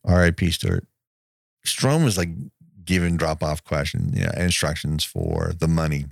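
A very low, gravelly male voice, recorded close and dry with no room sound. He rambles through a movie recap in a loose, laughing, profane way, like a podcast co-host. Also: no room sound. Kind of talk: casual movie recap chat.

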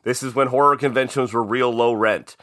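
Bright-voiced, profane man from Chicago. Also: mid-range voice, brisk, no echo, clean studio sound. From Chicago, USA. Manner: profane, lively storyteller. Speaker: podcast co-host. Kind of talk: casual podcast chat.

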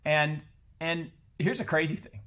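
A middle-aged man appears as a guest on a podcast, talking casually in a voice on the high side and at a slightly slow pace. He's animated and blunt, swears freely, and often restarts his sentences.

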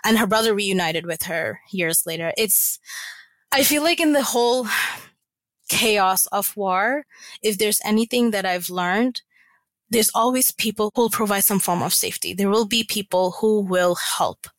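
A woman's voice: mid-range voice, unhurried, no echo. A woman guest on a podcast, recounting a family story in an earnest, reflective way with many casual fillers. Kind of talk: personal storytelling in an interview.

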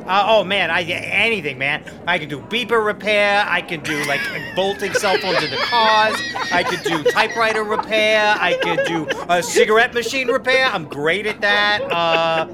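A man's voice: sits high, normal speed, few pauses, noisy background, natural voice. A man playing a rambling eager applicant. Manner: hesitant, full of fillers. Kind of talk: improvised comedy sketch.

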